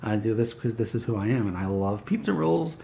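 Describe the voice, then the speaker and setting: A man's voice: lowish voice, animated, fairly quick, gravelly, mellow. A man doing an in-character comedy monologue, ranting in an indignant, whiny, self-important way.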